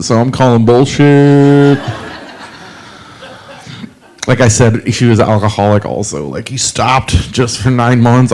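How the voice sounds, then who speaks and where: A man's voice: mid-range voice, clear, resonant tone. A man in his forties working a comedy club stage, telling his set in a loose, rambling way. He runs his bits down with self-deprecating asides and trips over fillers as he goes, speaking into a handheld mic. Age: 40s. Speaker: stand-up comedian.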